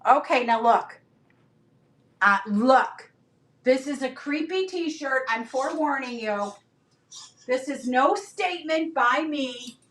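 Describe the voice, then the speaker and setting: A middle-aged woman with a high, bright-toned voice hosts a live selling stream. She rambles happily through stories and calls out to viewers by name as she shows each item. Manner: animated, rambling storyteller who talks to viewers by name. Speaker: live-stream reseller host.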